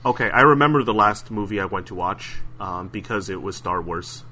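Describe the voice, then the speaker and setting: A man's voice: on the low side, expressive, a little fast, bright, forceful tone, slight background noise. A man answering questions in a casual podcast chat, hesitant, with many fillers and restarts. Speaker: interview guest.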